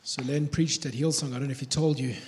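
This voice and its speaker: A man's voice: mid-range voice, steady tone, fast. A man speaking lightly and teasingly. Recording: distant, reverberant, with noise.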